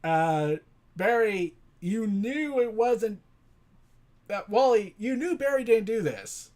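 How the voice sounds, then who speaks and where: Brief: a chatty comic reviewer, lively pitch swings, rambling and jokey. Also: slow. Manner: rambling, animated, joking. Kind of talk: casual comic recap. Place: home recording setup.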